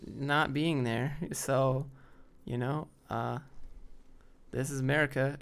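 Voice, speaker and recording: A man's voice: on the high side, fairly bright tone, smooth. A man from Atlanta hosting a casual live stream, talking in a laid-back, offhand way with many fillers. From Atlanta, Georgia, US.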